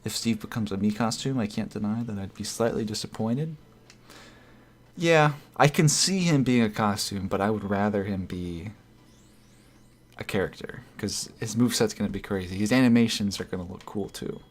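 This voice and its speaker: Man, somewhat low voice, casual streamer chat, rambling, self-correcting, reading comments. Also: normal speed.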